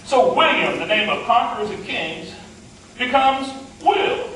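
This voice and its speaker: A man's voice: extremely high pitch, sing-song, a little slow, fairly bright tone, slight background noise. A middle-aged man with a West Virginian Appalachian accent, telling a humorous tall tale in a folksy, playful, self-deprecating way. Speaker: storyteller. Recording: echoey hall, mic from far off.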